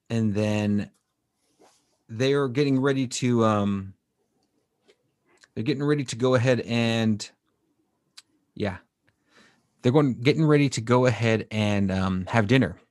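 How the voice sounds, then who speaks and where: A man's voice: lowish voice, darkish tone, no echo, studio quality. A man co-hosting a podcast, recapping an anime episode in a rambling way, with many fillers and restarts. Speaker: podcast co-host.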